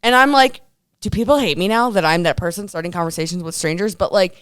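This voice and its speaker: A woman's voice: lowish voice, fast, a bit bright, smooth, no room sound, clean studio sound. A woman in her thirties co-hosting a casual talk show, telling stories animatedly and acting out the voices. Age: 30s. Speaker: radio and podcast co-host. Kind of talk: casual chat. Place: studio.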